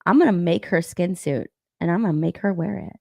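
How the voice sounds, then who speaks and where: A woman's voice: on the low side, a little fast, gravelly, a little mellow, dry recording. A young woman chatting casually on a live stream, rambling and repeating herself, swearing and laughing. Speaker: stream co-host.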